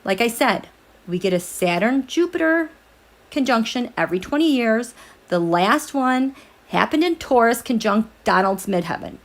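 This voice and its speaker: A woman hosting a tarot livestream at night, chatting casually with viewers, animated, laughing often and reading their comments aloud. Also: fairly high pitch, normal speed. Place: home, at night.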